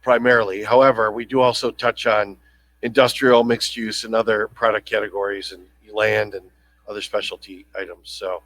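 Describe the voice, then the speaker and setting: A man's voice: fairly low pitch, flat delivery, normal speed, fairly bright tone, dry recording, poor audio. A man hosting a casual podcast, joking around and rambling with fillers and restarts. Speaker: podcast host.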